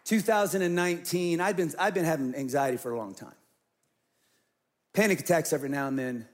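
A man's voice: medium pitch, animated, a little fast, some chatter behind. A middle-aged man, a pastor, telling an earnest personal story in a sermon and acting out his own past words.

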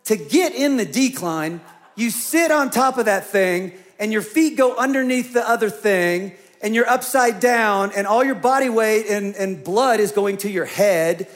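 A man's voice: sits high, animated, unhurried. A male pastor preaching a conversational sermon, acting out voices in his storytelling. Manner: conversational, acts out quoted voices.

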